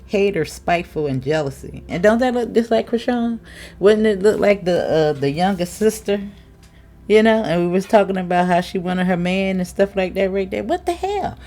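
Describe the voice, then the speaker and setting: A woman's voice: medium pitch, lively intonation, normal speed, a little mellow. A woman giving a casual, frank tarot reading commentary, chatting, swearing freely and laughing often. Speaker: tarot reader.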